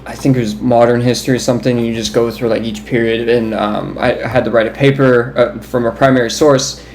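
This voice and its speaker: In a roomy, echoing recording with slight background noise, a young man co-hosts a podcast, rambling through long stories with an amused laugh. His voice is mid-range and steady, and he talks fairly quickly.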